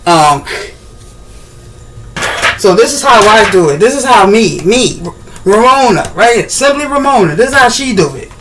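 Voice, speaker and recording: A woman chatting casually while demonstrating a recipe in her home kitchen, rambling, with sudden excited bursts. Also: on the high side, moderate pace, pauses often, noisy background. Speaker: cooking vlogger.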